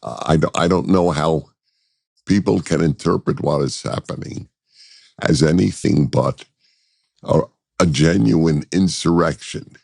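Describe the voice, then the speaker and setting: A man answering interview questions as a guest commentator, speaking deliberately and often pausing or restarting mid-thought. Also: very deep voice, vocal fry, darkish tone, dry recording, clean studio sound. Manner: deliberate, with frequent hesitations and restarts.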